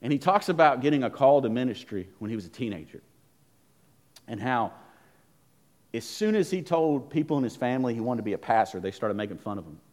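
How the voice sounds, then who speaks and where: A man preaching a sermon as pastor, telling stories emphatically and swinging between loud emphasis and hushed lines. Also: mid-range voice, expressive, fairly quick.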